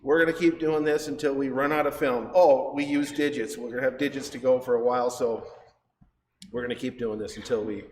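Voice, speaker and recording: A man's voice: medium pitch, little pitch movement, brisk, darkish tone. A man teaching a livestreamed science demo in a chatty, rambling way, correcting himself and laughing often. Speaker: science center educator. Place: science center exhibit hall. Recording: echoey hall with faint noise.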